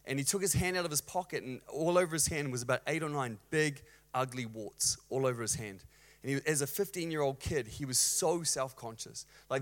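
A male pastor preaching a sermon in a church, energetic, swinging from loud exclamations to hushed storytelling. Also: mid-range voice.

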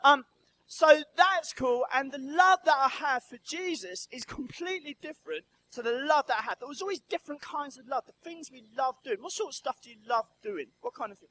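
A man from Brighton, giving a storytelling talk in church and quizzing the audience with questions. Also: very high voice, lively intonation, brisk, slight background noise, poor audio. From Brighton, England. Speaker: church speaker. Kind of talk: lively children's talk in church.

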